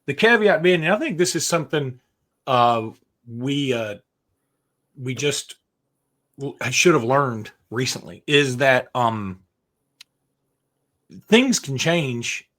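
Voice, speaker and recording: Animated rambling man on a sports podcast. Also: medium pitch, slow pace, pauses often. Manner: rambling, animated, many restarts. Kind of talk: casual sports chat.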